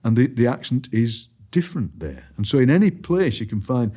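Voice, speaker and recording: A man with a Barnsley Yorkshire accent, a poet chatting as a podcast guest and telling lively anecdotes. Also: medium pitch, a little fast. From Barnsley, England. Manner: lively, storytelling, drops into quoted voices. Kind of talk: casual conversation.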